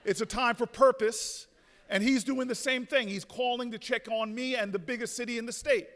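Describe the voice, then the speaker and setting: A man telling a story in a rousing convention speech, often restarting with repeated words and building to shouted peaks. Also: extremely high pitch, fairly even intonation, normal speed. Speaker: speaker at a convention. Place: large hotel ballroom. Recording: reverberant ballroom.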